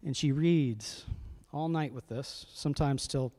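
A pastor in his thirties tells a family story during a conversational sermon, often checking in with his listeners. His voice is mellow and medium in pitch, and he speaks a little slowly.

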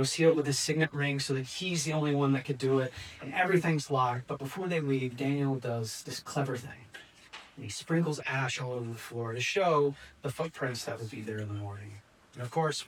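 A man's voice: medium pitch, low-quality recording. A man telling an old story as an informal lesson, in a conversational way with fillers and restarts.

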